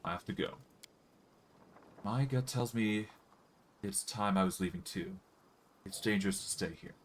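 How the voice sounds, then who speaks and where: A man's voice: fairly low pitch, a little slow, a little hiss or hum, close to an everyday voice. A man reading aloud the lines of a defiant, wary elf woman in a fantasy game.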